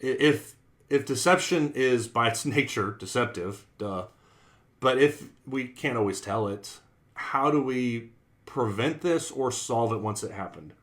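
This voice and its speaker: A man's voice: medium pitch, a little slow, fairly bright tone. A man preaching in a conversational Bible class style, earnest, repeating his phrases and acting out quoted sayings.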